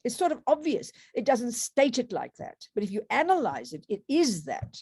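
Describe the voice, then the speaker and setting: A woman's voice: fairly high pitch, wildly swooping pitch, moderate pace, a little mellow, breathy edge, no room sound, studio quality. A woman giving a Buddhist dharma talk to students, conversational, with rhetorical tag questions and frequent restarts. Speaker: Buddhist meditation teacher.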